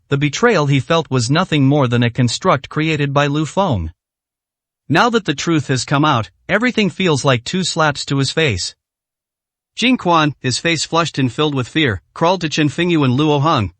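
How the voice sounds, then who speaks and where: A man narrating a dramatic story in a steady, scripted reading. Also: fairly high pitch, normal speed, no room sound.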